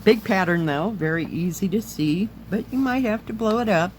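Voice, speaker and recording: A middle-aged woman, slightly hoarse, chatting casually as she reviews craft kits and handles them on camera. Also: mid-range voice, normal speed, darkish tone, a little hiss or hum. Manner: chatty, enthusiastic, talks while handling items. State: slightly hoarse, losing her voice. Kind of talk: casual chat.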